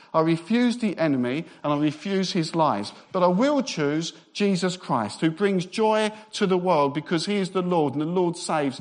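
A man preaching a Christmas sermon as pastor, emphatic and repetitive, with relaxed humorous asides. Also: fairly high pitch. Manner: emphatic, repeats phrases for effect; conversational asides with light humour.

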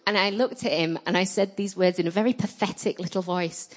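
A woman in her thirties preaching a sermon, telling personal stories with animated, emphatic delivery. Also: brisk, few pauses. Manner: animated storytelling, rising loud and emphatic at high points.

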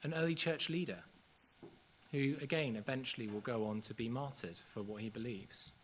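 During a church service, a man delivers a sermon in an earnest, measured manner with a few fillers here and there. His voice is medium in pitch, and there's slight background noise.

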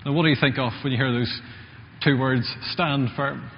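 Male preacher, chatty sermon delivery, mid-pitched voice, muffled recording in an echoing church hall. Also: steady tone, moderate pace, a little hiss or hum. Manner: conversational, asks the congregation questions.

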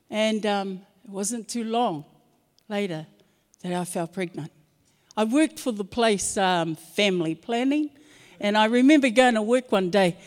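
A middle-aged woman, telling a personal story in an earnest, expressive way. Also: medium pitch, long reverb tail. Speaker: guest sharing her testimony.

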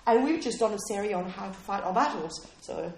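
A woman's voice: medium pitch, animated, a little fast, vocal fry, a little mellow, reverberant. A woman preaching a sermon in a conversational way, often checking in with listeners and asking them questions. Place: room with a small responding audience.

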